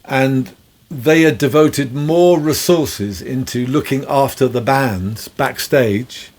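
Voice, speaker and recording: A man's voice: mid-range voice, slow pace, a little mellow. Man spinning a rambling road story. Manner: rambling, chuckling raconteur. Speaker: guest musician. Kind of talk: anecdotal storytelling.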